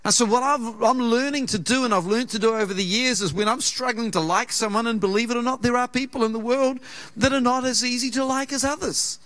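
A man with a New Zealand accent preaches from the pulpit in a fairly high voice for a man. He tells a personal story in an earnest, conversational way and slips into the voices of the people in it. His delivery moves between quick storytelling and slower, lower points of emphasis. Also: fairly bright tone. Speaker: pastor. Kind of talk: sermon. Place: church auditorium.

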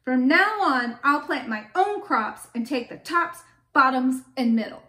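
A woman reading a storybook aloud and voicing a sleepy, grumpy male bear who keeps getting tricked, in a slow, loud, complaining way. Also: high-pitched, expressive, exaggerated voice. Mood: fed up. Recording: echoey room.

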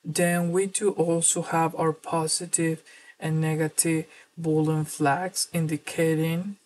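Low, slow, flat-voiced woman tutor. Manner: steady explanatory walkthrough with filler words. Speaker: software training presenter. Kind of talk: screen-recorded software tutorial.

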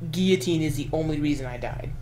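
A man's voice: a little high, fast talker, darkish tone, slight background noise. A man chatting casually while playing a video game, complaining and trading competitive banter. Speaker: gaming streamer.

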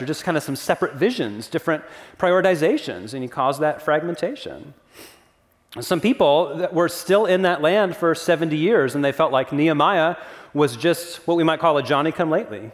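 A man's voice: fairly high pitch, expressive, fairly quick. Earnest male pastor in echoing hall. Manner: earnest, conversational preaching with asides. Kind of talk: sermon. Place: church sanctuary. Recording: long reverb of a church hall.

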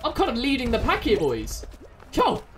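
A woman commentating her own gameplay, excitable and yelling at other players. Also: fairly high pitch, normal speed, faint music behind. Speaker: gaming channel host.

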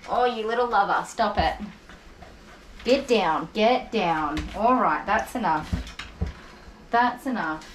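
In a grooming salon, a woman with a mid-range, animated voice works slowly on a dog, soothing it with repetitive praise and chatting to viewers on the side. Her voice echoes in the room over the faint buzz of electric clippers, with a little hiss or hum.

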